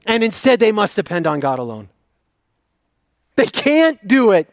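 A male pastor preaching a sermon, earnest, swinging from emphatic to hushed and intimate. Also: high-pitched, very animated, a little slow, no room sound, clean studio sound.

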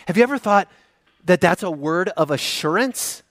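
High-voiced earnest male preacher. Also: expressive, brisk, no echo, clean studio sound. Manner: earnest, swings from emphatic to hushed and intimate. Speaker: pastor. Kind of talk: sermon.

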